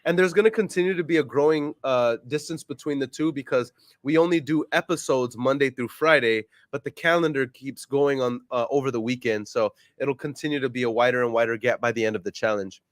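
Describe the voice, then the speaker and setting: A man's voice: medium pitch, brisk, dry recording, clean studio sound. A man hosting a casual vlog, talking upbeat and polite on a sales call, then joking with a friend. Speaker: real estate investor and vlog host. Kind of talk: casual phone call and chat.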